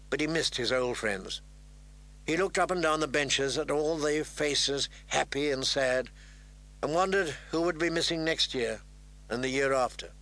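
A man narrating a fantasy novel in a measured, even storytelling voice. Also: a little high. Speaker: audiobook narrator.

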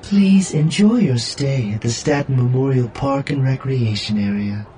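A man's voice: mid-range voice, measured pace, dark tone, slight background noise, pitched above the performer's own voice, close to an everyday voice. A man reading an audiobook voices a prim, cheerful male service droid with scripted automated politeness. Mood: polite. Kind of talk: audiobook narration.

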